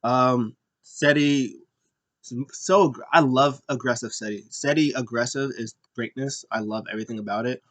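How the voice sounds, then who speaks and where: A man's voice: fairly even intonation, moderate pace, fairly bright tone. Rambling jokey man recapping wrestling. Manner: rambling, jokey, mimics wrestlers in high squeaky voices. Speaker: wrestling podcast host. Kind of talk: casual recap commentary.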